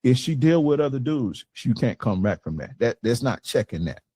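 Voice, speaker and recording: A man's voice: mid-range voice, sing-song, moderate pace, warm tone, breathy edge, no room sound. Blunt, profane man coaching on dating. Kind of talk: casual coaching talk to a group.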